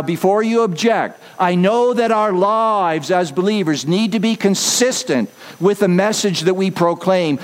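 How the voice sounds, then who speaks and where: A male preacher delivering a sermon with a high, animated voice that swoops up and down. He speaks slowly and deliberately, hammering home his points by repeating them. The sound hangs in the long reverb of a church hall. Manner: emphatic, repeats key phrases for stress. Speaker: pastor.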